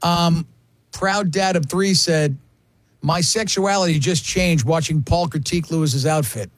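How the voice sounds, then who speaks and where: A man in his fifties hosts a radio talk show, trading jokes with his co-hosts and reading listener comments aloud while laughing often. His voice is fairly high and a little slow, with no echo. It's relaxed studio banter.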